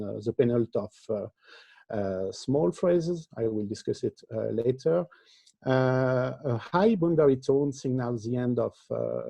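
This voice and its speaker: A man giving an academic conference talk as a linguistics lecturer, explaining step by step in a halting way, with frequent pauses. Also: medium pitch, vocal fry, dark tone, breathy edge, no echo.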